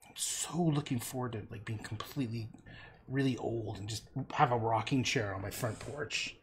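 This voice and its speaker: A man's voice: mid-range voice, normal speed, slight background noise. A man chatting casually on a livestream while he paints, rambling and talking to himself about the canvas.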